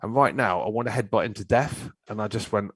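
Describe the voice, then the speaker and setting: A man's voice: fairly low pitch, a little fast, slightly rough, no room sound, poor audio. A man, telling a story in a blunt, ranting way as a filmmaker guest on a casual chat show. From Cornwall, England.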